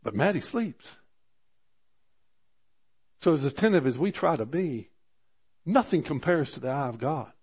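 A man preaching a sermon, animated and rising in pitch for emphasis, often restarting his phrases. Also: unhurried, pauses often, slightly rough. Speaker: pastor.

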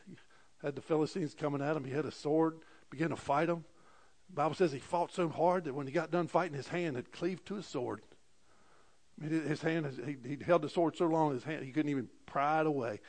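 Pastor, male, higher-pitched voice, passionate sermon delivery with loud peaks and hushed asides. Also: brisk. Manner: impassioned preaching with frequent amens, swings loud and soft.

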